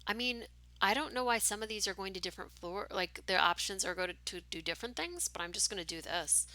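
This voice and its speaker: Woman streamer, casual reader of a text game, bright edgy tone with a gravelly texture. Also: mid-range voice, lively intonation, brisk, a little hiss or hum. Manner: casual asides with fillers between narration. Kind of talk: reading a story game aloud with commentary.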